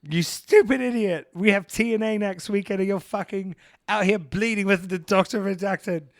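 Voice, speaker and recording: A man's voice: high voice, normal speed, no echo, studio quality, pitched above the performer's own voice. A man putting on the voice of a furious wife who scolds, with a botched foreign accent. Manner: shouting, scolding.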